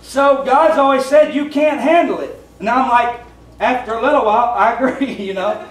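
High-voiced Southern pastor preaching. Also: male voice, moderate pace. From Tennessee. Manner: plainspoken, folksy, conversational preaching. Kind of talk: sermon. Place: church sanctuary. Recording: roomy church sound from a distant mic, faint hum.

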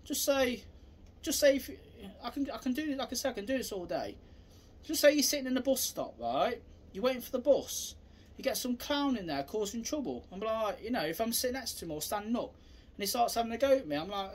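A man's voice: extremely high pitch, lively intonation, fast talker. A man, a self-defence instructor, talking casually through a demonstration in a rambling, repetitive way.

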